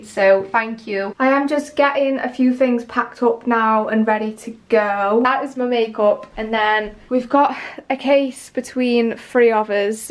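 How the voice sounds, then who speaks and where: Young female vlogger, slightly high-pitched, candid and casual. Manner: candid and chatty, talking straight to the camera. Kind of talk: casual vlog chat.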